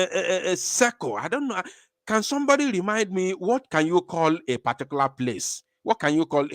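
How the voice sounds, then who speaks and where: Animated man hosting a live stream. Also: on the high side, no room sound, studio quality. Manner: animated, rambling, speaks to viewers. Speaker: online show host.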